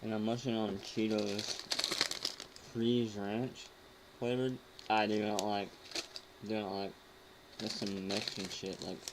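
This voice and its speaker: A man's voice: on the low side, background noise. A man hosting a casual online show, reacting to videos with a crude, mocking, rambling manner. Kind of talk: casual rant commentary.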